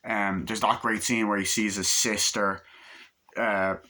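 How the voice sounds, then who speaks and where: A man's voice: on the low side, level tone, measured pace, pushed and bright. A man casually reviewing a film, retelling scene after scene in a rambling, profane way. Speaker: movie reviewer.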